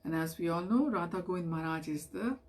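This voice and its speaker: A woman reading a devotional story aloud in a measured storytelling manner, lifting her voice for the quoted figures. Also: fairly low pitch. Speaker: reader of devotional scripture.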